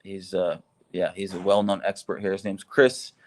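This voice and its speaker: A man talking in a casual, upbeat way and laughing easily in a relaxed chat. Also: low-pitched, normal speed. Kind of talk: casual video call chat.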